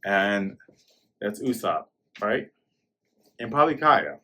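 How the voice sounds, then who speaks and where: A man hosting a manga review show, retelling a chapter in a casual, excitable way and acting out the scenes as he goes. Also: fairly low pitch, slow.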